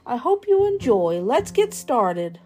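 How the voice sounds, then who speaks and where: A woman reading a children's picture book aloud, slowly and expressively. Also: a little high. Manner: slow, lively and expressive. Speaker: storybook reader.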